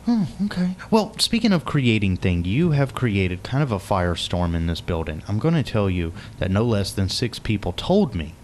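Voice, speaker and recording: A man's voice: lowish voice, very animated, moderate pace, few pauses, a little hiss or hum. A man hosting a talk radio interview, playful and teasing, often laughing. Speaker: radio show host.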